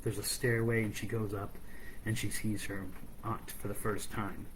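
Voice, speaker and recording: A man's voice: fairly low pitch, little pitch movement, moderate pace, a little hiss or hum, rough recording. A man hosting a podcast, retelling a fairy tale in a chatty, conversational way. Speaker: podcast host, storyteller. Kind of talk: casual storytelling.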